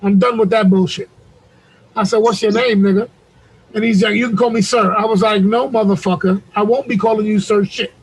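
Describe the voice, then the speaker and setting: A man's voice: sits high, fairly even intonation, brisk, breathy edge, poor audio. A man on a video call recounting a story in a profane, heated way, acting out what people said. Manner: profane, heated retelling with acted-out quotes. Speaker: podcast co-host. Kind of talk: animated storytelling.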